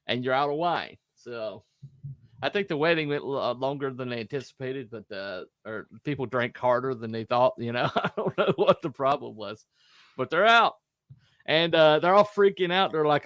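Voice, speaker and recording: A man hosts a relaxed podcast chat and retells a story with plenty of energy. He often jumps into higher voices to act out what people said, and he laughs easily. The sound is dry and close. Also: moderate pace, no room sound. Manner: animated, acts out quotes in raised voices, laughs often. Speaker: host.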